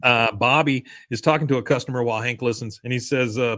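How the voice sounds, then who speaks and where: A man's voice: medium pitch, fast talker, few pauses, fairly bright tone, no room sound, clean studio sound. A man hosting a podcast, casually recapping a cartoon episode and acting out the characters' lines with chuckles. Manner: retells scenes, acting out quotes with chuckles. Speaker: podcast host.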